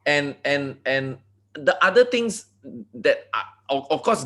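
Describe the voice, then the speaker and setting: Animated Malaysian-accented man, lively pitch. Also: measured pace. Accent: Malaysian English. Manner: animated, repeats words, many asides. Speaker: network marketing leader. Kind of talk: motivational talk on a video call.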